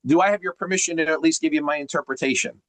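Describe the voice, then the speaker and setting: A man's voice: a little high, rapid-fire, dry recording, rough recording. A man coaching on a group video call, teacherly and emphatic, firing off rhetorical questions. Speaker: sales coach.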